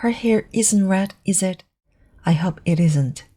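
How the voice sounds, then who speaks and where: A woman's voice: medium pitch, measured pace, dark tone, lightly acted. A woman voicing an eager, dreamy orphan girl. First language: Korean. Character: chatty imaginative orphan girl, eleven. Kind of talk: audiobook reading of a novel.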